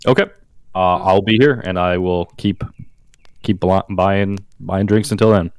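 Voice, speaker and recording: A man's voice: deep voice, steady tone, measured pace, darkish tone, no room sound. A man playing a tabletop role-playing game, speaking hesitantly with stammers and restarts. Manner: hesitant, stammering, laughs easily. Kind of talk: casual tabletop play.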